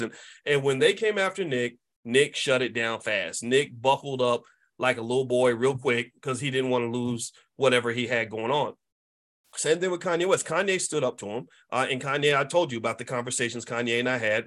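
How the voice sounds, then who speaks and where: Middle-aged male host, emphatic commentary delivery, voice in the middle register, keeps asking "right?". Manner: emphatic, repetitive, tag questions; mimics others in high excited voices. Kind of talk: casual commentary monologue.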